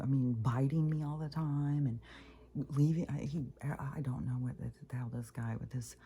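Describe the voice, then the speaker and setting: A woman talking in a rambling, casual spiritual vlog, with many fillers and soft whispery asides. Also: a bass voice, creaky. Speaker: vlogger.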